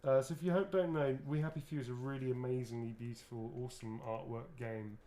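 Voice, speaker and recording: A man's voice: mid-range voice, fairly even intonation, fast, warm tone. A man, an actor, chatting casually and rambling through a livestream autograph signing, swearing freely as he goes.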